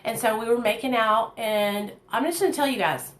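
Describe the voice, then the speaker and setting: A woman tells a personal story in a candid, chatty way, swearing freely and leaning on fillers. Her voice sits a little high. The room adds a clear echo. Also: fairly quick. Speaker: vlogger. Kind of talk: casual storytime. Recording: echoey room.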